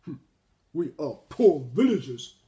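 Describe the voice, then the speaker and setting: A man voicing a stingy male monkey who grumbles loudly. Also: extremely high pitch, animated, normal speed, pitched above the performer's own voice. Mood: grumpy.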